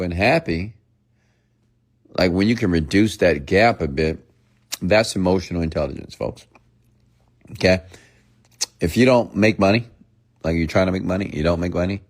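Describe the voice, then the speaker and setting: A middle-aged man giving a playful late-night motivational rant as a speaker, now and then mimicking people for effect. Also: low voice.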